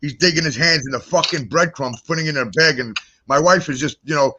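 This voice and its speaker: A man on a talk show telling a story in a heated, profane, animated rant. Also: a little high, fast, background noise. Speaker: guest.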